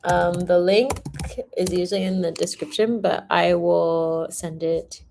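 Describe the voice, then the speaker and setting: A woman's voice: lowish voice, steady tone, unhurried, creaky, mellow, slight background noise. A young woman reading tarot on a livestream in casual chat, laughing often and swearing freely. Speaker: tarot reader.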